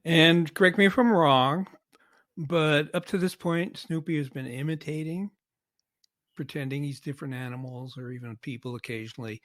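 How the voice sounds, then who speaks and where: A man's voice: a little high, normal speed, fairly bright tone. A man co-hosting a podcast, chatting casually and thinking aloud with questions. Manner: thoughtful, asks questions. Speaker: podcast co-host. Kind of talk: casual chat.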